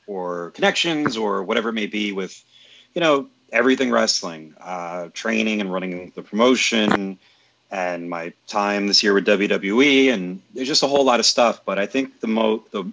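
A man speaking as a wrestling promoter in a casual podcast chat, relaxed and searching for words. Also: fairly low pitch, normal speed. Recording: dull lo-fi audio with background noise.

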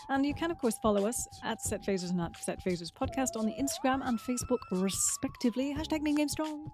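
A woman's voice: high voice, expressive, fast talker, hardly any pauses. Sarcastic female podcast co-host. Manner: dry, sarcastic, swears casually. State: sick with covid. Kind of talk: casual podcast chat.

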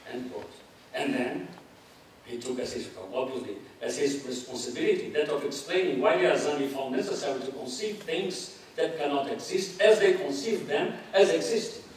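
A man giving a measured academic lecture in anthropology, reading quotations aloud and adding spoken asides. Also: a little high, a little mellow. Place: large lecture hall. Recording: very echoey hall, distant mic, faint hiss.

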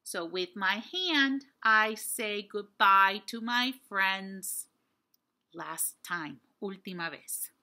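Woman teaching little kids, slow singsong voice, keeps repeating stuff, bright and bouncy. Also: medium pitch. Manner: slow, repeating each phrase and singing songs; lively sing-song teacher voice. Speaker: Spanish teacher for young children. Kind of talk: children's language lesson.

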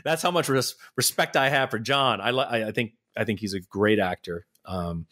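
Animated middle-aged man telling stories. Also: on the low side, normal speed. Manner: animated storyteller, laughs often, restarts sentences. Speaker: podcast guest. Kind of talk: casual interview chat.

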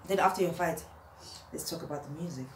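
A young woman, a vlogger, roasting someone in a mocking, animated rant to camera and laughing at her own jokes. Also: low-pitched, quick pace. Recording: roomy echo, faint background hum.

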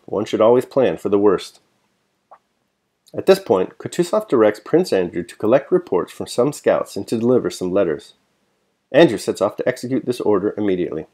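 A man reading a novel aloud chapter by chapter and then sharing his reflection on it, in a measured storytelling manner. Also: on the low side, a little mellow, breathy edge. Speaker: reader and host.

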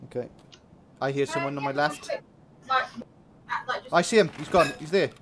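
A man chatting while gaming, sweary and excitable, on a headset mic. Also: fairly high pitch, normal speed, a crowd in the background. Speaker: gamer. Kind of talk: casual gaming chat. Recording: loud gunfire noise. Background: loud game gunfire.

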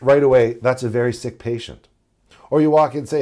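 A middle-aged man gives a paramedic lesson in a mellow, warm voice of middling pitch. He talks conversationally and acts out brief exchanges with patients. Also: a little fast. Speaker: paramedic instructor. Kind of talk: recorded teaching presentation.

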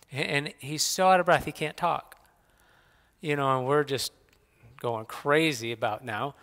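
Middle-aged man, church speaker, animated folksy anecdotes; clear bright voice, long hall reverb. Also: fairly high pitch, unhurried. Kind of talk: personal storytelling talk. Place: church sanctuary.

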